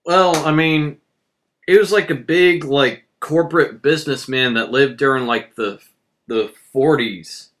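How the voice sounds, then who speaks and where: A man's voice: mid-range voice, measured pace, fairly bright tone. A young man in casual chat, talking loosely and leaning on filler words. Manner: loose and offhand, leans on "like". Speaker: podcast co-host.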